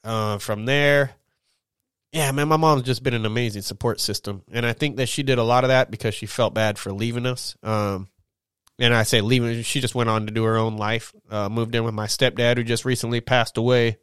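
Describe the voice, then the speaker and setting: A man's voice: medium pitch, fairly even intonation, a bit bright, clean tone, no room sound, studio quality. A young man talking casually and frankly on his own podcast, rambling, swearing often and tagging lines with "man". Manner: candid, profane, rambling with drawn-out "man". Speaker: podcast host.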